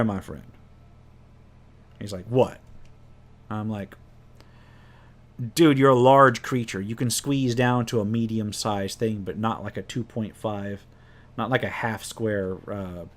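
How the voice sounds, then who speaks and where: A man telling a tabletop game story as game master, casually and with many restarts, acting out his players' lines. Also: mid-range voice. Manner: rambling, many restarts, acts out players' voices.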